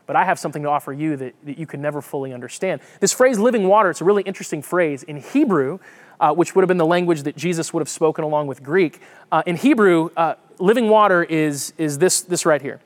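A man's voice: on the high side, fast talker. A man preaching a conversational sermon, reading scripture and explaining it with frequent restarts. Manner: lively, conversational, repeats words while thinking. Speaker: pastor.

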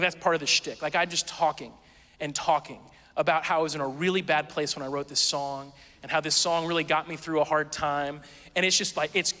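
A man preaching a sermon, telling a story in a casual, self-mocking and animated way. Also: high-pitched, long reverb tail. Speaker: pastor.

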